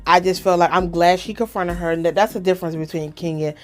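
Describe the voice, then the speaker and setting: A woman's voice: on the low side, quick pace, faint music behind. A woman hosting a podcast, chatting casually and acting out quotes while recapping a reality show. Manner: chatty, animated, acts out quotes. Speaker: podcast host.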